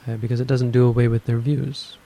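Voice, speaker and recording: Gravelly, flat-voiced man teaching meditation. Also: medium pitch, low-quality recording. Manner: measured, explanatory, thinks aloud. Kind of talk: dharma talk on meditation.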